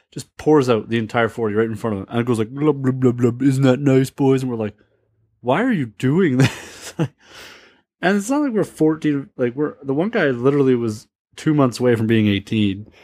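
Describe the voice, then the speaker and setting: A man spins a long, casual anecdote in a mid-range voice. He chuckles often and slips into quick impressions of the people involved. The sound is close and dry. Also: medium pitch, a little mellow, no echo. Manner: laughing, acts out quoted voices. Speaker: storyteller.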